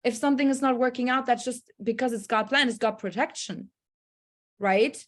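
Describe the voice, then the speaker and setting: A woman on a group video call telling a personal story in a casual, motivational way, earnest and animated, with many fillers and restarts. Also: on the high side, normal speed. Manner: acts out her own past thoughts and a friend's lines.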